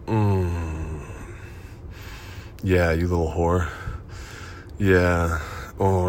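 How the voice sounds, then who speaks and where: A man performing an erotic audio role-play in a dominant, commanding and profane manner, with breathy moans between lines. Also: deep voice, a little hiss or hum.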